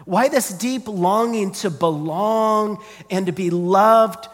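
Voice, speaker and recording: A man with a fairly high voice delivers an earnest sermon, circling back with repeated words as he presses his point. His voice rings out with a long reverb, as if in a large hall. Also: takes it slowly. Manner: earnest, repeats words when starting sentences. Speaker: preacher.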